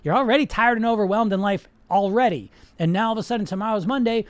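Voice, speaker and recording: Male host, high voice, dry close mic; blunt, profane, emphatic unscripted coaching talk. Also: fast talker, hardly any pauses, dry recording. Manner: blunt, emphatic, profane, repeats words for stress. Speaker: weight-loss coach and podcast host. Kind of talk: unscripted coaching monologue to a live chat.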